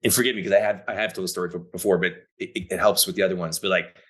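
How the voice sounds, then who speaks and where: A man's voice: low-pitched, fairly even intonation, very fast, a bit bright. A man who is an actor, a guest on a podcast, telling rambling, laid-back anecdotes in casual chat. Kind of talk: casual storytelling.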